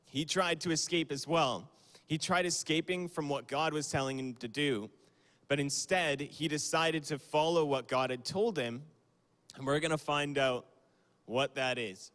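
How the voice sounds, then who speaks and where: A young man with a fairly high, fairly bright voice gives a youth sermon on a livestream. He speaks to the youth group in a chatty, casual way, full of fillers and quick little apologies, and a long hall reverb trails each phrase.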